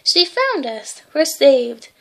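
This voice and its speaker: A woman's voice: high-pitched, very animated, slow, gravelly, exaggerated voice. A woman voicing a lazy, greedy, sarcastic male cartoon cat while reading a storybook aloud, grumbling in a dry tone. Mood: relieved.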